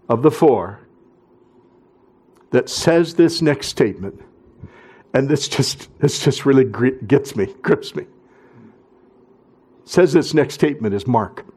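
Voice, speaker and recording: A male pastor preaching a sermon, swinging from loud emphatic bursts down to hushed, near-whispered phrases. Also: medium pitch, animated, slow, pauses often, breathy edge.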